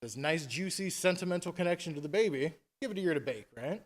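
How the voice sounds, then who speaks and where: A man retelling a fairy tale at a conference in a casual, animated, chatty way. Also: fairly high pitch, fast talker. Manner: animated, chatty, tag questions. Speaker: conference speaker. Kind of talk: casual storytelling talk.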